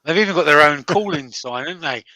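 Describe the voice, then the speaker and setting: Bright-voiced joking woodturner man. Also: fairly high pitch, animated, fast, no room sound. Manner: joking, banter-heavy. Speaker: woodturner demonstrating. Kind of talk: casual live-stream chat while working.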